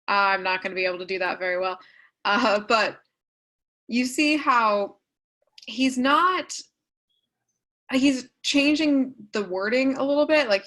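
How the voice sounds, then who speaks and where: A woman's voice: medium pitch, a bit bright, poor audio. Lady running an online writing class, chatty and loose, lots of ums and side comments, sounds like a video call. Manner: casual, filler-heavy explaining with quick asides. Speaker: writing workshop teacher.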